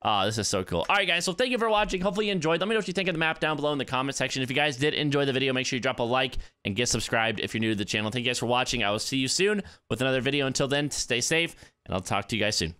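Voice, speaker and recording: Excitable male gaming commentator. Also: medium pitch, rapid-fire, clear, resonant tone, dry recording, studio quality. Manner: excitable, panicky exclamations. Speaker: gaming YouTuber. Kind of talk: live gameplay commentary.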